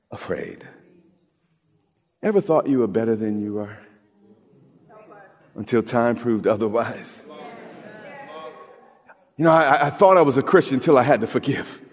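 A male pastor preaching a sermon, talking with his congregation conversationally and rising to emphatic shouts, recorded in a church sanctuary. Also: medium pitch, normal speed, long pauses. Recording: long reverb of a large hall.

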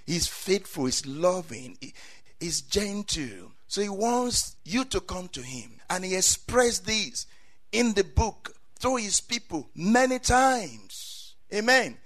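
A man preaching a sermon, swinging from quiet asides to loud cries and saying amen often. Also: high-pitched, very animated, slow.

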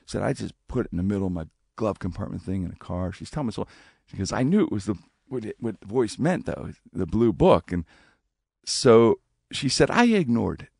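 A man with a low, gravelly voice tells a personal story in a relaxed, conversational way. His pitch rises and falls widely as he acts out the lines of the people in it, and the recording is dry and close. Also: fairly quick, dry recording. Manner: animated, acts out quoted speech with big pitch jumps. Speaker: guest telling a personal story. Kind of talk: casual spoken storytelling.

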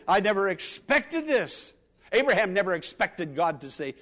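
A male pastor preaching with fervor, his voice sitting fairly high for a man. He repeats key phrases, pressing hard on some lines and dropping to soft asides on others. His words ring out with the long reverb of a church sanctuary. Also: big pitch swings, moderate pace. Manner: earnest preaching, repeats phrases, swings between loud emphasis and soft asides. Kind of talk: sermon.

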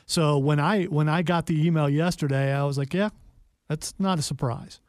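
A man's voice: a little high, fairly even intonation, normal speed, no room sound, clean studio sound. A man from Ohio co-hosting a sports radio show, teasing his partner in casual chat. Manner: teasing, matter-of-fact. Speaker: radio co-host.

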